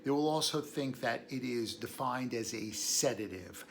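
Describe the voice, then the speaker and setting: Gravelly-voiced man, rambling herbal talk. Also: mid-range voice, expressive, normal speed. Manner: rambling, prone to tangents; chuckles between thoughts. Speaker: herbalist host. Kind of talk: casual educational talk.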